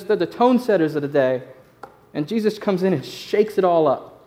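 A man's voice: high-pitched, expressive, brisk, dark tone. A man preaching a sermon in a conversational, emphatic way, repeating his key phrases for weight. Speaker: pastor.

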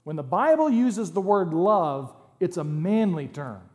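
A man's voice: high voice, animated, measured pace, a little mellow. A man preaching a sermon to his congregation in a conversational, humorous way, with jokes and asides. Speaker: pastor. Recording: long hall reverb.

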